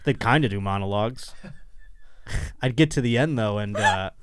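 A man's voice: fairly low pitch, normal speed, fairly bright tone, clear, resonant tone. A man hosting a comedy podcast, chatting in a joking, rambling, playful way. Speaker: podcast host. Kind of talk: casual comedic chat.

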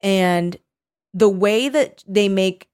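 A woman retelling a novel's plot in casual chat, animated, swearing and quoting the characters. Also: medium pitch, unhurried. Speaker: podcast co-host discussing a novel.

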